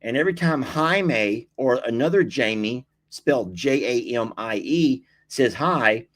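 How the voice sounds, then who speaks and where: A man with a drawl hosts a casual livestream, reading comments out loud. He talks in a chatty, teasing way, laughing often, and his voice swoops widely up and down at a middling pitch. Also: expressive, measured pace, hardly any pauses. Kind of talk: casual live-stream chat.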